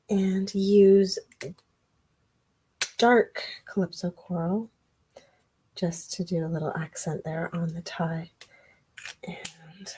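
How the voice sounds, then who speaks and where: Slow, husky woman demonstrating crafts. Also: on the low side, warm tone, poor audio. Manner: chatty, thinking aloud while working. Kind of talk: relaxed card-making tutorial.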